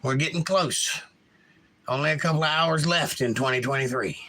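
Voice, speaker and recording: A man's voice: on the high side, normal speed, pushed and bright. A man hosting a casual live stream, giving blunt opinions and answering viewers' chat messages. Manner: opinionated, reads chat aloud and talks back. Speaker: livestream host.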